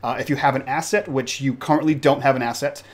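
A man at mid pitch runs a tabletop role-playing game, describing the action in a loose, off-the-cuff narration. He pauses and restarts as he builds the scene, then turns it back to the players. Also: steady tone. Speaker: game master.

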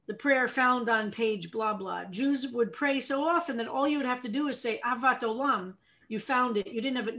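American woman rabbi teaching a class. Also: fairly high pitch. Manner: animated explainer, asks the class questions. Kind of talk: teaching a text study session.

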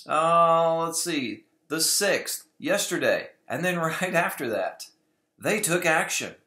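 Opinionated male vlogger, conversational, slightly high pitch, echoey room. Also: a bit bright. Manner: conversational, opinionated, often mimics others mockingly. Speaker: video blogger on Bible prophecy. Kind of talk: casual commentary vlog. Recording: roomy echo.

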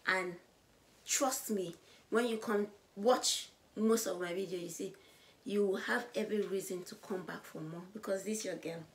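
Woman, vlogger, loud and bubbly, high voice, mid pitch. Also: normal speed, slight background noise. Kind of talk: casual vlog to camera.

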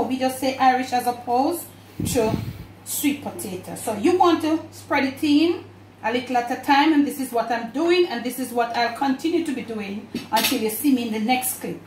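A home cook with a Jamaican accent demonstrates a recipe in her kitchen, chatting with viewers as though they were family. Her voice is high-pitched and she talks at a normal speed. There's a little hiss or hum, an echoey kitchen sound from a distant mic, and the clatter of dishes and pans.

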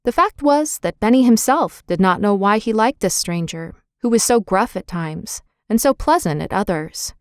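A woman reading a children's chapter book aloud as narrator, in a clear, steady, expressive storytelling manner. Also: medium pitch, moderate pace, few pauses, dry recording, studio quality. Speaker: audiobook narrator.

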